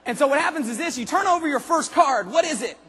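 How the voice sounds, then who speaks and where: A man giving an energetic convention speech, firing punchy questions at the audience and sometimes bursting into shouts. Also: very high voice, a little hiss or hum. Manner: rapid-fire questions to the audience, punchy and emphatic. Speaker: motivational speaker at a sales convention. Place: large convention hall. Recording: long hall reverb.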